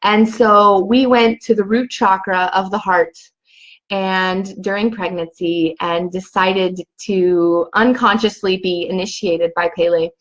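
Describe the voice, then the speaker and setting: A woman's voice: mid-range voice, steady tone, slow, dull audio. A young woman telling a personal spiritual story in a dreamy, rambling way, full of "you know" and "like". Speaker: vlogger.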